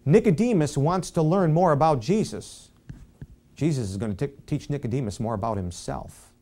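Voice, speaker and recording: This pastor's Bible-study sermon comes across as conversational and self-deprecating, with quoted speech acted out softly. His medium-pitched voice is expressive and moves at a moderate pace.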